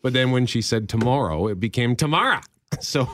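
A man's voice: medium pitch, brisk. A middle-aged man, co-hosting a radio show and telling wry anecdotes. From Winnipeg, Canada. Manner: wry storyteller, animated delivery. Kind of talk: casual on-air chat. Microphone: studio microphone.

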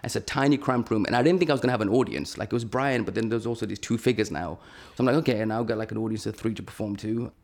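A man tells a long story in a loose, rambling way, piling up fillers as he goes. His voice sits low with a gravelly edge, and he talks very fast. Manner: animated, rambling with many fillers. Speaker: podcast guest. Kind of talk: casual storytelling.

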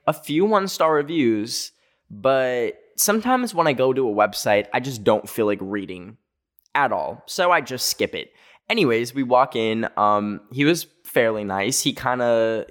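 A young man from North America hosts a podcast, telling a story in a mid-pitched voice. He talks with lots of "like" and breaks off for jokey asides to the listener. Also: fairly bright tone. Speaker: podcast host.

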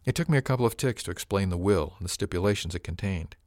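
A man narrating a science-fiction audiobook in the first person, with measured, even storytelling. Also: low voice, dry recording, clean studio sound.

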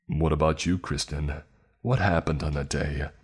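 A man's voice: a bass voice, fairly even intonation, moderate pace, breathy edge. A man doing a sarcastic eyeless forest creature. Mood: mocking. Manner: sarcastic, feigned concern. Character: eyeless male forest creature, mocking interrogator.

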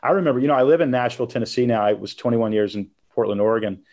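Middle-aged guy telling a story on an interview, lively, laughs a lot, average-pitched voice. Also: racing. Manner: animated, laughs while telling stories. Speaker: guest, author.

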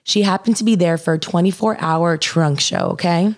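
A woman's voice: on the low side, moderate pace. A young woman telling a personal story in casual chat, saying "like" constantly and swearing freely.

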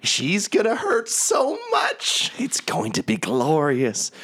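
A man voicing a cruel female night hag with a high, mocking, gleeful voice. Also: wildly swooping pitch, slow, a bit bright, breathy edge, heavily acted. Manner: mocking, cackling delight.

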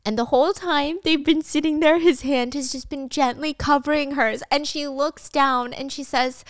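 A woman's voice: sits high, fairly even intonation, normal speed, hardly any pauses, dry recording, clean studio sound. A young woman retelling a drama in a casual, chatty way, with slangy asides and frequent laughs. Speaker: drama recap host. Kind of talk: casual storytelling recap.

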